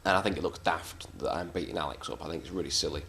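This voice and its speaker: A man's voice: a bass voice, fast, gravelly, a bit bright. A man, a wrestler being interviewed, telling backstage stories in a blunt, swearing, self-mocking way. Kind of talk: casual anecdotal storytelling.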